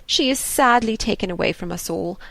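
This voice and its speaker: A woman voicing a fretful, anxious elderly father in an audiobook, slow and sighing. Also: mid-range voice, vocal fry, fairly bright tone, no echo.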